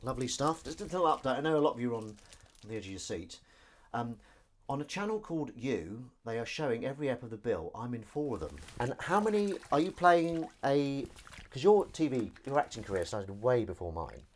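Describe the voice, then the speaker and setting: A middle-aged man chats his way through a live stream as he does the washing up. His voice swings lively up and down as he reads out comments and laughs, and a faint background noise sits under him. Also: medium pitch, fairly quick. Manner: chatty and animated, reading viewer comments aloud, laughing. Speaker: live stream host and actor. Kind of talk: casual live-stream chat.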